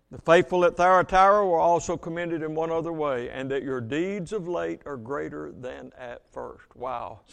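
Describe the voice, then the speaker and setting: High-voiced preacher slowing for emphasis. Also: male voice, vocal fry. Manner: reads scripture aloud, slows for emphasis, asks congregation questions. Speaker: Baptist pastor. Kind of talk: sermon.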